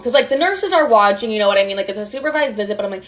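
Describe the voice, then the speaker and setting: Fast-talking young woman telling a storytime. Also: medium pitch, lively intonation. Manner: fast, profane, chatty retelling with quoted dialogue. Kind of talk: casual storytime.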